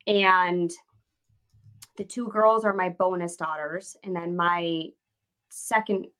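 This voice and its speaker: A woman's voice: on the low side, steady tone, slow, fairly bright tone, rough recording. A woman in her late thirties, a guest entrepreneur, telling her story in a candid, rambling way. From United States. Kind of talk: casual interview storytelling.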